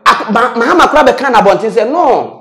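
A man with a Ghanaian accent giving animated political commentary, switching between Twi and English and repeating phrases for emphasis. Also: very high-pitched, quick pace. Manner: mixes Twi and English, repetitive emphatic phrases, laughs while talking.

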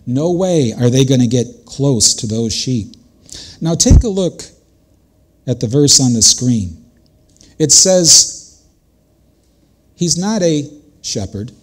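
A man's voice: medium pitch, animated, slow, long pauses. An older man preaching a sermon as a pastor, earnest and conversational, speaking directly to his congregation.

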